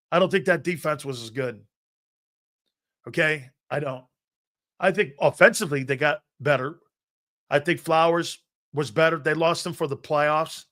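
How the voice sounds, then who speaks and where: A man hosting a live sports talk stream, pressing his opinions hard and circling back on his own phrases. His voice sits a bit high and sounds bright and forceful. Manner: emphatic, argumentative, repeats himself while building a point. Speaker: sports talk show host.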